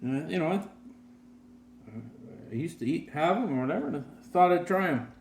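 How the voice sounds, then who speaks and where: A man's voice: fairly high pitch, expressive, a little fast, vocal fry, slight background noise, pitched above the performer's own voice. A man voicing a cheeky, eager teenage grandson in a told joke, his own voice only a little raised. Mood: casual. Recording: roomy with faint ambience.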